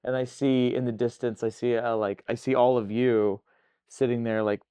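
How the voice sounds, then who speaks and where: A man at a game table, thinking aloud in halting bursts full of fillers. His voice is smooth and resonant at a middle pitch, with a dry, close sound. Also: level tone, warm tone, dry recording. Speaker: player. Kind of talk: casual table talk.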